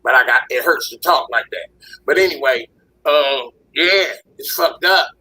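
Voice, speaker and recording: A man on a discussion panel with a hoarse, husky voice from a recent illness, ranting heatedly and swearing a lot. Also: mid-range voice, moderate pace, bright, forceful tone, low-quality recording.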